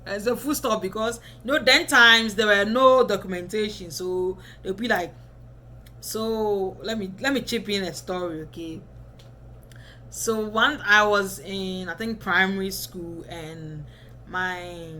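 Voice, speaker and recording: A woman's voice: mid-range voice, steady tone, measured pace, bright, forceful tone, slight background noise. A woman in her twenties giving casual advice to camera as a vlogger, chatty and often checking in with the viewer. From Ghana.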